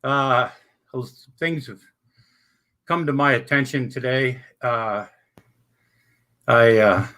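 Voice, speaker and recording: A man chats to his livestream audience from his home, his voice bright and cutting. He rambles from thought to thought, addresses everyone as folks, and drops curse words without a second thought. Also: medium pitch, steady tone, slow pace, pauses often. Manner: rambling, loud bursts, swears casually, addresses "folks". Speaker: livestream host. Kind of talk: rambling livestream chat to viewers. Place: indoors at home.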